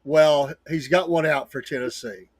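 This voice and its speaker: A man's voice: on the high side, measured pace. A man co-hosting a live talk show, telling stories in a chatty way and laughing easily. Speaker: co-host. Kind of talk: casual live-show banter.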